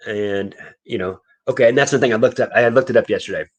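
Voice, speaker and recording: A man with a somewhat low voice rambles through a casual story, chuckling between thoughts. He talks like a reseller chatting with friends, easygoing and loose. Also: fast talker. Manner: rambling storyteller, laughs often. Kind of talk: casual chat.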